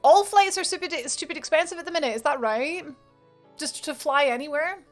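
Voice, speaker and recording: A woman's voice: high-pitched, expressive, a little fast, soft background music. A woman with a Scottish accent, chatting casually with viewers on a live game stream, rambling and laughing often.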